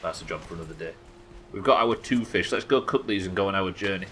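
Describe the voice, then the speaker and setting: A man's voice: low voice, fast talker, fairly bright tone, a little hiss or hum, low-quality recording. A young man streaming a game live, chatting to viewers and thinking aloud as he plays, swearing freely. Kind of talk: live gameplay commentary.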